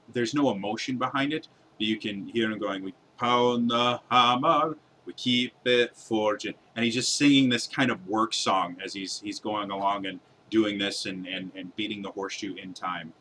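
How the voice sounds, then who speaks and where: Bright-voiced man running a tabletop game. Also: fairly low pitch, slight background noise. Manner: hesitant, many fillers. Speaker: game master.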